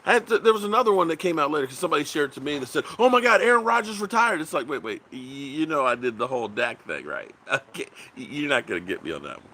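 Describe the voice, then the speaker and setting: A man hosts a casual sports livestream, his voice bright and forward with a lively, swooping pitch. He rambles loosely, reads viewers' comments aloud, and curses bluntly. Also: rapid-fire, hardly any pauses, slight background noise. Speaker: sports channel host.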